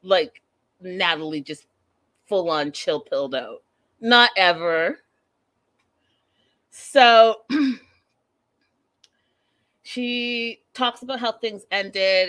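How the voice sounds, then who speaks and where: A woman host chats her way through a reality-show recap in a loose, animated way. She talks to the viewers directly and laughs at her own jokes, keeping it casual. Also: medium pitch, slow, pauses often. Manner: chatty, animated, laughing at herself, asides to viewers.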